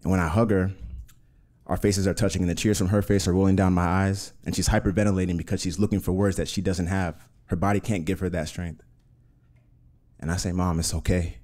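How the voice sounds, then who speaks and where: A man telling a personal story on stage in an earnest, measured way, in vivid present tense. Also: low voice, level tone, darkish tone. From Uganda.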